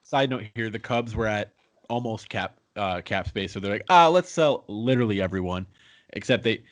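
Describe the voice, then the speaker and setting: A man's voice: on the low side, expressive, moderate pace, dry recording. Laid-back young man rambling about baseball. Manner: laid-back, rambling sports talk with profanity. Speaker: podcast co-host. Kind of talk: casual sports chat.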